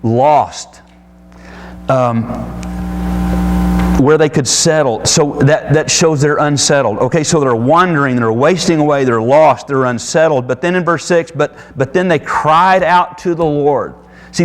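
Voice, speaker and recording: A man preaching a sermon as pastor, animated and digressive, breaking off into quick asides. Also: on the high side. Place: church sanctuary. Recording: reverberant hall with faint background noise.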